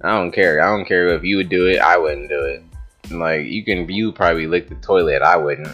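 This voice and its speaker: Young man, deep low voice, casual rambling story, profane, lots of "like" fillers, faint music behind. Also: a little fast, muffled recording. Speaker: vlogger telling a story.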